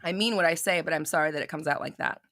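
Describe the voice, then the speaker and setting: A woman hosting a live coaching stream, talking off the cuff with blunt, profane tough love that swings from soft apologies to heated lecturing. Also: low-pitched, fast talker, dry recording, studio quality. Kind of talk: unscripted live coaching talk.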